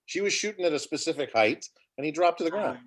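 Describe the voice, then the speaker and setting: A man's voice: on the high side, animated, fast talker. Man, matter-of-fact corrector, crowd noise in background. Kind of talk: casual movie chat.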